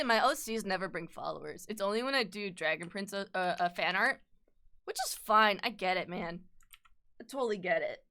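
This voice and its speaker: A woman streamer with a medium-pitched, sharp, clear, resonant voice chats casually while drawing on a live stream. She rambles, is self-deprecating, and swears freely.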